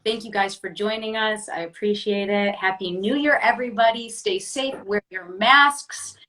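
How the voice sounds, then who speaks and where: A woman's voice: medium pitch, moderate pace, sharp tone, reverberant. A woman hosting a live-streamed interview show, upbeat and chatty, laughing often. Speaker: host.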